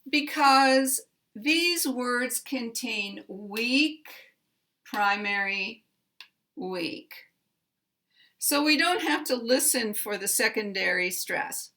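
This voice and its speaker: Middle-aged American woman, pronunciation teacher, bright tone, very slow and deliberate delivery. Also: a little high, vocal fry. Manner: deliberate, carefully enunciated, repeats example words. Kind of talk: slow instructional explanation.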